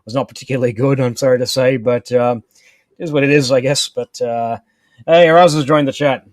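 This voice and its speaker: A man talking as a guest on a video call, halting with many fillers while he searches for things. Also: medium pitch, fairly even intonation, dry recording. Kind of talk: casual video-call chat. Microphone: home computer mic on a call.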